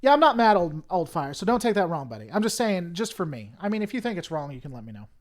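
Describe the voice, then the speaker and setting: A man's voice: high voice, very animated, quick pace. A young man with a Southern US accent, rambling through a casual livestream chat with viewers, full of fillers and restarts. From Tennessee, US. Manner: rambling, many fillers and restarts, heated then apologetic. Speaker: livestream host. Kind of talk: casual live-stream chat answering viewers.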